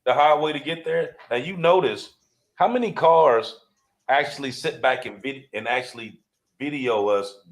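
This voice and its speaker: A man's voice: medium pitch, moderate pace. A man co-hosting a casual podcast chat, a motorcycle club member explaining in a laid-back way, checking in often with his listener. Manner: laid-back, explaining with repeated "you know what I mean".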